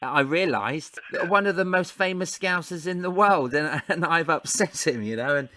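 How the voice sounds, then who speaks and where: A man's voice: on the high side, lively intonation, normal speed, pushed and bright, slight background noise. Enthusiastic male podcast host. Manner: enthusiastic, laughs often. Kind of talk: casual chat.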